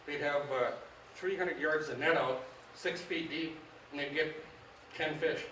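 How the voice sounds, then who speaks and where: A middle-aged man, a fishing guide, telling stories to a club meeting in a folksy, animated way, acting out what people said. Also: fairly high pitch, unhurried, a little hiss or hum. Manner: folksy, animated, acts out quoted dialogue. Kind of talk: casual storytelling to a club audience. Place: meeting hall. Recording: echoey room, distant mic.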